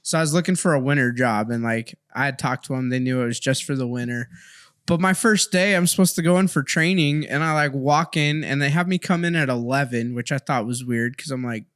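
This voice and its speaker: A man guest in a casual podcast chat, telling stories in a relaxed way and laughing easily. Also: mid-range voice, a little fast, clear, resonant tone, dry recording, studio quality.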